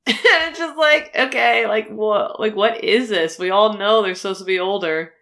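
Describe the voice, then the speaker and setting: A woman's voice: mid-range voice, normal speed, vocal fry, fairly bright tone. A woman co-hosting a podcast in casual chat, rambling through fillers and laughing often. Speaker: podcast co-host.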